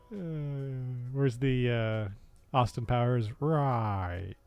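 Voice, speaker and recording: An American man streaming casual political commentary, sarcastic and laughing often, with halting speech full of fillers and restarts. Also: mid-range voice, darkish tone, clean tone, faint music behind. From United States.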